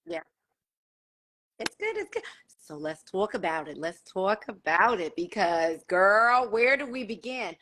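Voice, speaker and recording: A woman's voice: mid-range voice, big pitch swings, unhurried, pushed and bright, a little hiss or hum. A middle-aged woman co-hosting a casual chat over a video call from her hotel room, talking with dramatic exclamations. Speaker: co-host.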